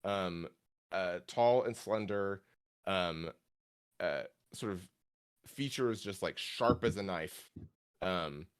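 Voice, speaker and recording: A man running a tabletop game as game master, narrating haltingly with many fillers. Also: low-pitched, clean tone.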